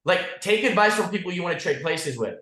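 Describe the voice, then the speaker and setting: Man, agency leader on a team call, blunt and profane, constant "like" and "guys", somewhat high voice, echoey room. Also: expressive, fairly quick, pushed and bright. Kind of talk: motivational team call talk.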